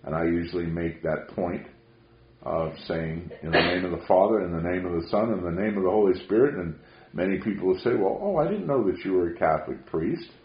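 A man preaching a sermon, telling stories emphatically and rising to loud peaks. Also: low voice, brisk, slight background noise. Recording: roomy, dull lo-fi sound.

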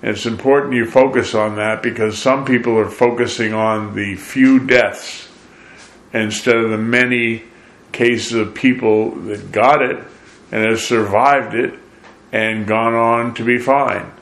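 A man's voice: medium pitch, fairly even intonation, measured pace, a bit bright, echoey room. A man leading a sermon, singing scripture lines and then talking to his listeners in a conversational preaching manner. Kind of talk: sung worship then sermon.

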